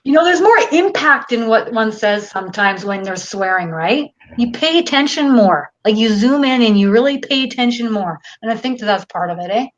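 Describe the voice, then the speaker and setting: A woman with a Canadian accent, hosting a live stream and reading viewer questions aloud in a casual, relaxed way. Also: on the high side, normal speed, hardly any pauses, muffled recording. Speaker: host.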